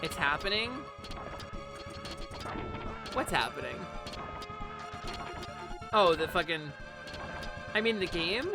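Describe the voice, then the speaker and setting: A woman streams a game live against faint game music, swearing in exasperation as she rants at it and chats with viewers, greeting people in chat. Her voice is on the low side and expressive, slow-paced with frequent pauses.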